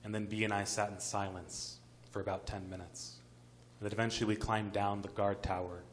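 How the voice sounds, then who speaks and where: A man tells a personal story on stage at a story slam, building suspense vividly. His voice is fairly low and comes through a stage microphone with a faint hum behind it. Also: level tone, brisk. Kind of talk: live story slam narration. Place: arts center stage.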